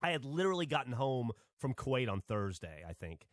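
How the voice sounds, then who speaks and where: Man from alabama, podcast host, casual rambling storytelling, swears a lot, mid pitch, dry close sound. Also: sing-song, brisk, no room sound. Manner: swears freely, rambling and self-correcting.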